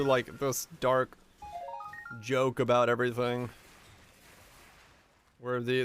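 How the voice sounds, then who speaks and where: A man streaming a video game, reading viewer messages and chatting casually in a relaxed, rambling way. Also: mid-range voice, clean tone. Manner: relaxed, rambling, reads chat aloud. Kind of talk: casual chat while playing.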